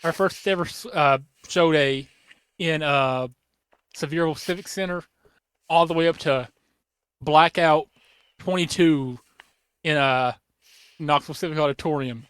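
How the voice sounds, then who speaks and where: A young man hosting a casual podcast, rambling excitedly with lots of fillers and restarts, his voice a little worn. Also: a little high, unhurried, pauses often, clear, resonant tone, dry recording, studio quality. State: losing his voice. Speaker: podcast host.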